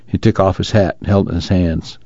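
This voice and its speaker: A man reading a novel aloud in calm, steady narration. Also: low voice, fairly quick, dry recording, muffled recording. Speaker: audiobook narrator. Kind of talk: scripted narration.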